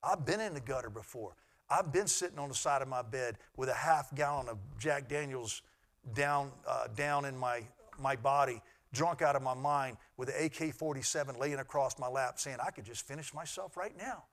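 A middle-aged pastor preaches a sermon earnestly, his delivery swinging from loud to hushed. His voice is medium in pitch and his pace is normal.

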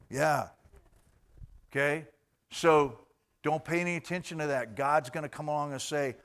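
A man preaching a sermon to a congregation, addressing listeners directly and swinging between loud emphatic bursts and quiet asides. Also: fairly high pitch, moderate pace, long pauses. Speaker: pastor.

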